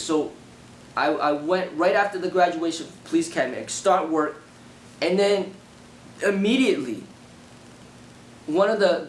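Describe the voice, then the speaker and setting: A young man casually recounting personal experiences in a rambling way, full of repeated fillers. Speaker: martial arts channel host. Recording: echoey room with faint rumble.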